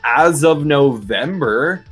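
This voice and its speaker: A man chatting as a dialect coach guest, explaining accents in a lively, teacherly way. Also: a little high, faint music behind. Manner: animated, teacherly, quick asides. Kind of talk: casual chat explaining accents.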